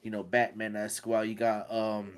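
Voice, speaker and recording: A man's voice: on the low side, a little fast. A man co-hosting a casual gaming podcast, rambling with many fillers and restarts. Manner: rambling, filler-heavy, animated when excited. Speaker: podcast co-host.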